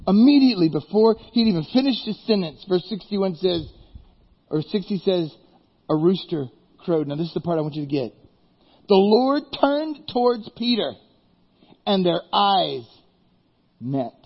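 Animated husky-voiced male preacher. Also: high-pitched, moderate pace, muffled recording. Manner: animated storytelling, acting out Bible characters. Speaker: pastor. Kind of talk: sermon.

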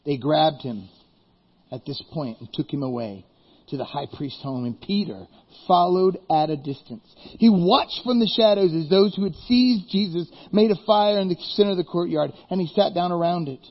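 A man preaching a sermon as pastor, telling Bible stories in a lively way and acting out the characters. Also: a little high, moderate pace, lo-fi sound.

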